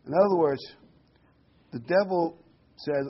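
A man preaching a sermon, animated and repeating key words for emphasis, heard on a dull lo-fi recording. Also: mid-range voice, normal speed, slight background noise.

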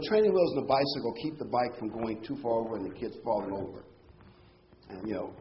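Male preacher, explanatory Bible teaching, rhetorical questions, slightly dull recording, faint background noise. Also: medium pitch. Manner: explanatory, animated, punches key phrases, rhetorical questions.

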